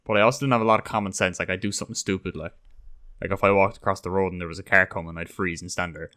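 Low-voiced young man, rambling chat. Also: fairly even intonation, rapid-fire, sharp tone. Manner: rambling, swears casually, acts out quotes. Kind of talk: casual chat.

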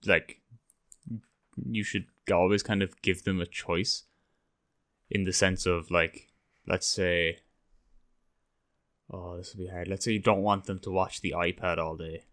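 A man's voice: sits low, steady tone, unhurried, pauses often, fairly bright tone. A young man, chatting casually on a podcast, rambling, swearing and acting out quotes. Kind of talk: casual chat.

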